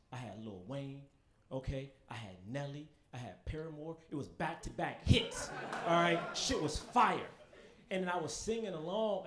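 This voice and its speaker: A young man performing a stand-up comedy set, telling profane, animated stories with quick asides to the audience. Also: fairly high pitch. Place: comedy stage in front of a live audience.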